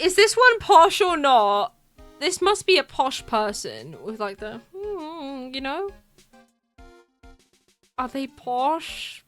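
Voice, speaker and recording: A woman streamer chatting excitably and laughing often while playing through a video game live. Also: high voice. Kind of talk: live game playthrough commentary.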